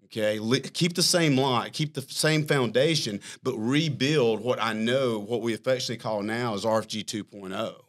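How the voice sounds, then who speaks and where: A man, a company chief executive, telling a long story in a casual interview, animated and self-mocking, laughing as he talks. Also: mid-range voice, normal speed, hardly any pauses. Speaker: firm CEO, podcast guest.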